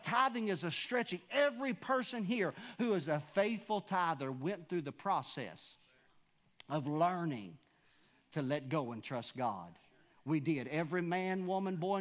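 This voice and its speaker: A man preaching in a church sanctuary, his voice sitting noticeably high for a man. He drives his points home with repetition and rhetorical questions to the congregation. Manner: emphatic preaching with call-and-response questions. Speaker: pastor. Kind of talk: sermon.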